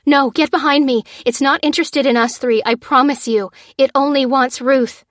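A woman voicing a determined young woman in danger, shouting urgent commands. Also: a little high, steady tone, a little slow, no room sound, studio quality, natural voice. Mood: urgent, commanding.

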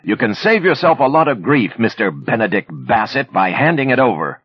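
A man voicing a rough, middle-aged male security agent who yells threats in a gruff, husky voice. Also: on the low side, big pitch swings, moderate pace, dry recording, highs cut off, voice pushed up, full character voice. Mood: menacing.

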